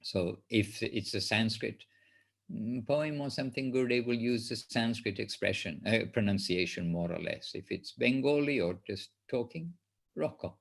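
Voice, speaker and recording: A man with a fairly low voice teaches a class over a call. He answers gently and reassuringly, often pausing and restarting as he explains. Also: creaky. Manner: soft-spoken, reassuring, hesitant with fillers. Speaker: spiritual teacher leading a class.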